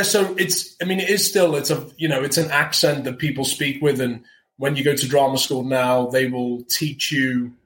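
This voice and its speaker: Man, actor guest, casual and animated, mid pitch, echoey room. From north of England. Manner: animated, chatty, restarts often. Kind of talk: casual interview talk. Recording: roomy echo.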